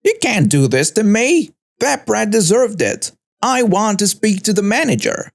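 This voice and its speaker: Man playing an entitled middle-aged woman, screeching, contemptuous, pitched far up, swings wildly. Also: huge pitch swings, unhurried, gravelly, exaggerated voice. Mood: shrieking. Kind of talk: storytelling narration.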